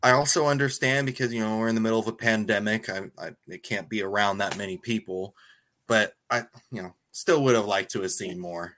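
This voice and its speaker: A man's voice: lowish voice, a little fast, a bit bright. Easygoing man reacting in podcast chat. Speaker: podcast co-host. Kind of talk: casual movie chat.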